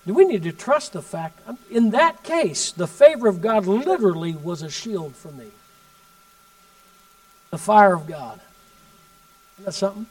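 A male preacher tells his story in a sermon. His voice sits fairly high, and he swings between loud emphatic bursts and hushed asides. The mic is some distance from him. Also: expressive, measured pace, long pauses.

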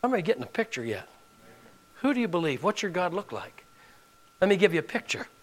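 A man's voice: high voice, big pitch swings, quick pace. A man, preaching a sermon as pastor, building emphasis and asking the congregation direct questions.

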